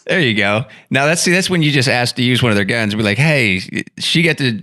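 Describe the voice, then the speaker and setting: A man co-hosting a podcast, trading quick jokes in casual chat. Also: mid-range voice, animated, bright, forceful tone. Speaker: podcast co-host.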